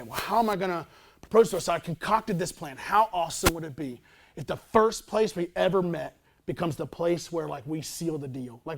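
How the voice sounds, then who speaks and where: A man's voice: sits high, creaky. A man in his thirties, a pastor telling a personal story in a sermon, talking in a casual, chatty, self-deprecating way.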